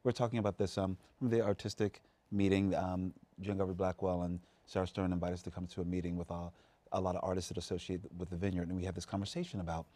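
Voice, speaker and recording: Fast-talking deep-voiced man searching words. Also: flat delivery, dark tone. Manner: searching for words, quick talker. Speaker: actor guest. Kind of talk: talk-show interview. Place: TV studio.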